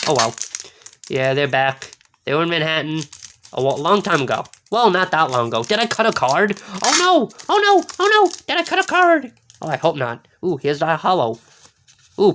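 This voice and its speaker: A woman's voice: sits low, a bit bright, a little hiss or hum. A woman in an unboxing vlog, giddy and squealing, rambling to herself as she opens card packs. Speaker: card pack opener.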